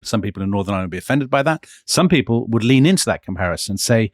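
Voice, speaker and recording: A man co-hosting a history podcast, telling the story with animated emphasis. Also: fairly low pitch, very fast, hardly any pauses, dry recording, studio quality. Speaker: podcast co-host.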